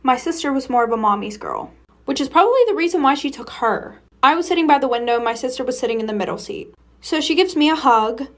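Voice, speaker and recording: Blunt high-voiced young woman telling stories. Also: expressive, fast. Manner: candid, blunt, swears freely. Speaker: storyteller. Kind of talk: casual story-time monologue.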